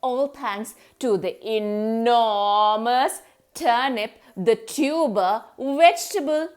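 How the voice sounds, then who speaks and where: A woman's voice: fairly high pitch, slow, clear, resonant tone. A woman telling a children's story in a sing-song manner, making animal noises and asking a young listener questions.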